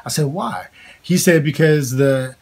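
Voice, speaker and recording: A man in his thirties sharing a family story in a casual, heartfelt chat at home, halting with many fillers and restarts. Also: fairly high pitch, darkish tone.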